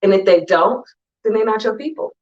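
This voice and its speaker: A woman conference speaker gives an emphatic, conversational motivational talk to an online audience, acting out friends in quick asides. Her medium-pitched voice is animated and darkish, and the audio is dull.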